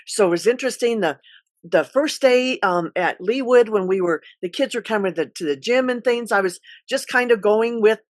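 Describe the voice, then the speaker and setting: A middle-aged woman school counselor telling a personal story in an earnest, halting way, with many restarts. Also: medium pitch, dry recording.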